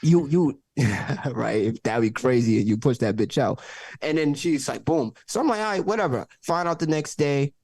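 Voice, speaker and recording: A man telling a story on a podcast by video call, animated, swearing freely and acting out the people in it. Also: mid-range voice, normal speed, no echo. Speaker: podcast guest. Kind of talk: casual storytelling. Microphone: own mic, peaking.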